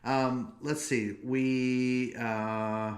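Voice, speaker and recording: A man in his thirties hosts a podcast, chatting casually and joking around as he draws his stories out. His mid-range voice stays fairly flat in pitch.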